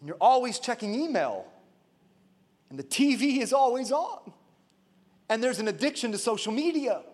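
A male pastor preaching a lively sermon, calling on the congregation for responses. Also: extremely high pitch, moderate pace. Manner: animated preaching with call-and-response. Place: church sanctuary. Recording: long church hall reverb.

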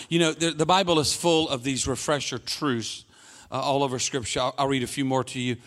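A middle-aged male pastor preaching a sermon, telling stories in an animated way and shouting out lines for emphasis. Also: mid-range voice, a little fast.

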